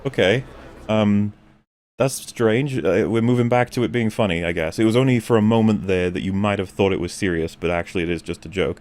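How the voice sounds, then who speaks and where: A man with a lowish voice talks through a film plot in a casual chat. He hesitates often, stacking ums and uhs and restarting his sentences. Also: brisk, a little mellow. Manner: hesitant, many fillers and restarts. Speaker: stream panelist reviewing a film.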